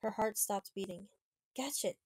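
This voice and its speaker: A woman reading a children's historical novel aloud in a measured, steady way. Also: mid-range voice, dry recording, poor audio. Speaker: audiobook reader. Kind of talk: storybook narration.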